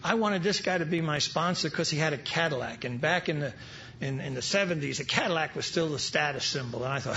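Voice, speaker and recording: His voice a little high, brisk and pushed bright with lively intonation, an older man from New York tells an audience stories at a recovery meeting, tossing in wry, funny asides. The large event hall is captured in a dull lo-fi live recording with a bit of hiss or hum.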